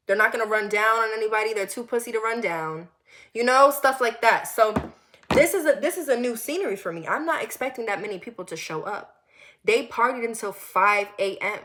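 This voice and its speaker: Young woman from connecticut doing a storytime, kinda high voice, swings from loud bits to low murmurs. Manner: animated and candid, acts out quoted lines, drops to low murmurs. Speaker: vlogger telling a story. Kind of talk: casual storytime chat.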